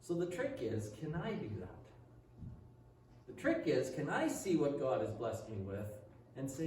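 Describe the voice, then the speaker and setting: A man's voice: mid-range voice, wildly swooping pitch, a little slow, pauses often, a little mellow. A man pastor delivering a conversational sermon full of rhetorical questions. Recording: echoey hall, speaker far from mic, faint noise.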